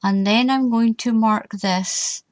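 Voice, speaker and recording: A woman's voice: fairly high pitch, fairly even intonation, slow, darkish tone. An older woman, hosting a casual craft tutorial in a chatty way and repeating warnings with emphasis.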